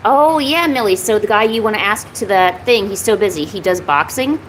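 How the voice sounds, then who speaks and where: A woman's voice: mid-range voice, animated, fairly quick, a little hiss or hum, low-quality recording. A woman chatting casually on her art live stream, talking to viewers and cooing at her cat between drawing. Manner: chatty, coos baby talk to her cat.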